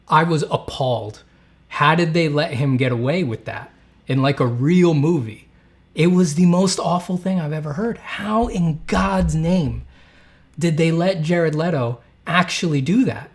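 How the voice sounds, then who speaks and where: A man hosting a casual art chat, rambling, with many fillers and restarts. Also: a little high. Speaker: artist and channel host.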